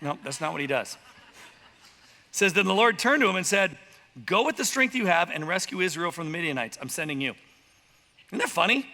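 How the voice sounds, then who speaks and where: Animated preaching man in a church hall. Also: sits high. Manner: animated preaching with voiced asides and quick impressions. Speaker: pastor. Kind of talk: sermon. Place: church sanctuary.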